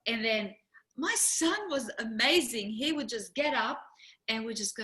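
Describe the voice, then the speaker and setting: A middle-aged woman co-hosting a casual chat, telling a lively story, laughing often and acting out what people said. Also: a little high, measured pace, echoey room. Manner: animated storyteller, laughs often, acts out quotes. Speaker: co-host.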